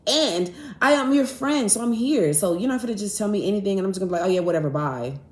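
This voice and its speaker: A young woman hosting a podcast, telling a story in a casual, animated and profane way, acting out both sides of an argument. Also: mid-range voice, quick pace. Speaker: podcast host. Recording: echoey room.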